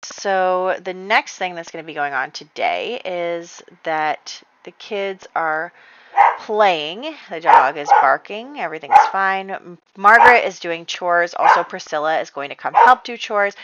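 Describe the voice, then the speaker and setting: A woman's voice: fairly low pitch, dull audio, very noisy. A woman chatting through her life-simulation game, rambling casually and laughing often. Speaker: gaming YouTuber. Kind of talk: casual gameplay commentary.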